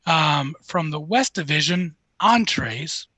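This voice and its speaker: High-voiced man hosting. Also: animated, slow pace, sharp tone, slightly rough, no echo. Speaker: podcast host. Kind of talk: casual podcast chat.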